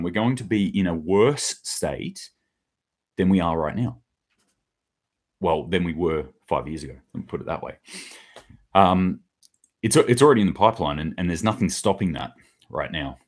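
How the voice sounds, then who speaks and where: Deep-voiced guy doing solo news commentary, blunt, sarcastic, does mock voices for quotes.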